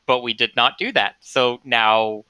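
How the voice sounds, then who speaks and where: A man's voice: medium pitch, unhurried, a crowd in the background. A man playing in a tabletop game, explaining the situation in a rueful, matter-of-fact way. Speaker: player. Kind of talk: casual chat.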